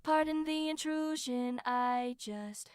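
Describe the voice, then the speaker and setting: A high, airy synthetic girl's voice sings short phrases,. Every note sits far above normal speaking range, glides between pitches, and comes across completely dry. It sounds clearly artificial. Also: takes it slowly, dry recording. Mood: sung. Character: synthesized female singing voice, airy. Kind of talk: vocal synth playback.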